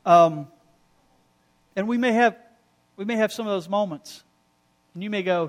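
A middle-aged male pastor delivering a sermon with a notably high voice. He tells stories with animated energy and drops into quoted lines of dialogue. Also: moderate pace, pauses often. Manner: animated storytelling preacher with quoted asides.

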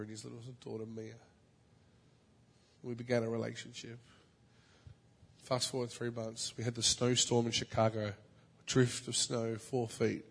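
A man preaching a sermon in a church, telling a story in a lively way, rising to loud, high outbursts and dropping to soft, low asides. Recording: long reverb of a large hall.

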